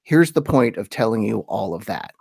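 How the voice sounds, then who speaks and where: A man hosting a podcast, giving an informal lecture on religious history and slowing down to read quotations with weight. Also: lowish voice, big pitch swings, vocal fry, a little mellow, husky, no room sound, clean studio sound.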